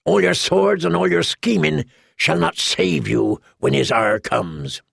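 A man's voice: on the high side, wildly swooping pitch, unhurried, vocal fry, fairly bright tone, slightly rough, dry recording, clean studio sound, heavily acted. A man voicing a defiant young knight who threatens the king in a solemn tone. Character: zealous male bastard knight, defiant.

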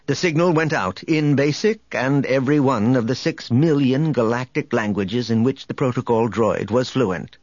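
A man narrating an audiobook in an expressive storytelling manner. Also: medium pitch, normal speed, hardly any pauses, no echo, dull audio. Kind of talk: scripted narration.

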